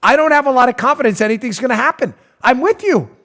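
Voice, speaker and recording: A male talk show host ranting about politics with animated sarcasm, often laughing mid-rant. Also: very high voice, fast talker.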